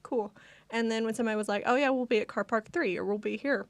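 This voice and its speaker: A woman's voice: fairly high pitch, fast talker, no echo. A young woman, co-hosting a casual chat and talking with lots of fillers. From United States. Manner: chatty, lots of fillers and laughter. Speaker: co-host.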